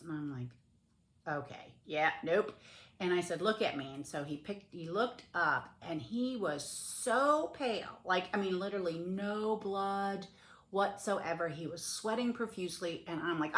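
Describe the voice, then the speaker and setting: A middle-aged woman telling a home story to her viewers, her voice sitting a little low. She laughs her way through it and jumps up loudly whenever she quotes herself. The room around her is noticeably echoey. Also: normal speed. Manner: animated, laughing storyteller who rises to near-yells in quoted outbursts. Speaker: flosstube host. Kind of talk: casual storytelling to camera.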